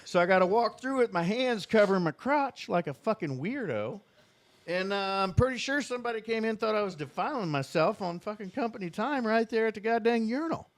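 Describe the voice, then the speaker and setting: This podcast co-host, a man with a Southern Indiana accent, has a voice that sits high, with lively intonation and a fairly quick pace, recorded with no echo. He's a profane, rambling storyteller, casually spinning a long comic tale full of swearing.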